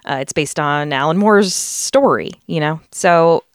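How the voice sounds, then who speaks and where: Her voice runs deep and unhurried, smooth against clean studio sound without any echo. She's a US podcast host who mixes relaxed chat with research narration, often dropping fillers.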